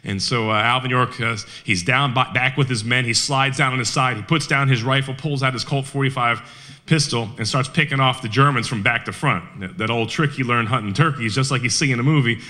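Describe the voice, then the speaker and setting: Bright-voiced man telling a battle story. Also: mid-range voice. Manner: animated storyteller, quick quoted asides in character. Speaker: historian speaker. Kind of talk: storytelling talk. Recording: radio broadcast of a live talk.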